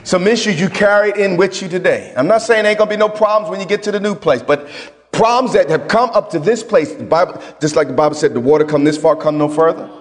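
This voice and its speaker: Male pastor, high voice, long hall reverb; dynamic folksy sermon delivery, repeats lines for emphasis. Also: fast talker. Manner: emphatic, swings between loud and quiet.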